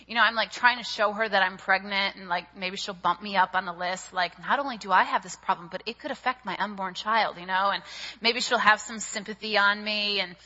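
A young woman giving a sermon, telling a personal story in an animated, chatty way with many fillers. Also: mid-range voice, a little fast. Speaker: speaker at a church service. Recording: dull audio with long hall reverb.

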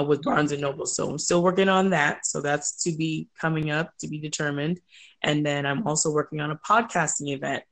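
Gravelly-voiced woman telling stories. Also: low-pitched. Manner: chatty, animated, quick asides. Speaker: guest, entrepreneur. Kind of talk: casual storytelling.

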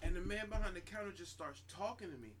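A man from New Jersey telling a profane, animated story in a casual group chat. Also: high voice, fast talker, a little hiss or hum. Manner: animated, profane, laughs through stories.

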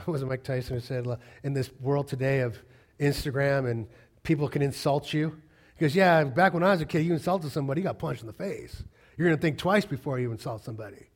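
A middle-aged man preaching a sermon, animated and acting out the voices of the people he quotes. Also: mid-range voice, a little fast. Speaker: pastor.

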